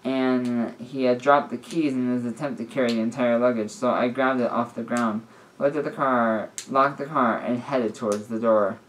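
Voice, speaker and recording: A man's voice: medium pitch, fairly even intonation, normal speed, slight background noise, low-quality recording. A man casually reading a story aloud, often stumbling and correcting himself. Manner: stumbling, with frequent restarts and self-corrections. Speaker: story reader.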